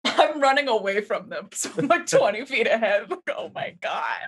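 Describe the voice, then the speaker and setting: A woman playing in an online tabletop game, with quick banter and casual swearing. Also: a little high, animated, breathy edge. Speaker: player.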